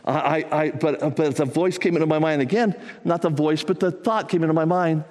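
A man's voice: a little high, steady tone, fairly quick, few pauses, a little mellow, big-room sound. A man preaching a sermon to his congregation, talking conversationally and building to fervent emphasis. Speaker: pastor.

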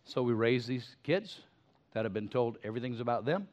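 An older male pastor preaching a sermon, folksy and animated, stumbling over his words and restarting as he goes. His voice sits at a middling pitch. The recording is slightly muffled. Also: brisk. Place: church.

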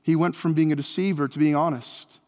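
A fairly high-pitched man preaches from the pulpit, and his words trail into a long hall reverb. He retells an old story with animated, acted-out dialogue. The sound is that of a church sanctuary. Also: a little fast. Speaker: pastor. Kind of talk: sermon.

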